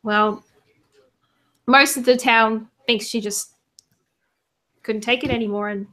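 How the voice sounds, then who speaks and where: A woman's voice: fairly high pitch, steady tone, slow pace, sharp tone. A woman running a tabletop game as game master, chatting hesitantly with plenty of fillers and voicing townsfolk.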